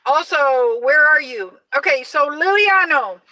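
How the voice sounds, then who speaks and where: A loud, energetic woman in her forties talks loosely on a live stream, full of "um"s and restarts. Her voice is high and bright. The sound is dry and picked up from a little way off the mic. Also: a little slow, no echo, far from the mic, low-quality recording. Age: 40s. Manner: loud, energetic, chatty with many fillers. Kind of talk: casual live-stream chat.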